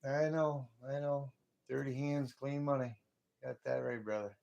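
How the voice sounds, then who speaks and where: A man's voice: mid-range voice, a little slow, vocal fry, darkish tone, highs cut off. A middle-aged man hosting a casual live stream from home, chatting in a folksy way and calling viewers brother.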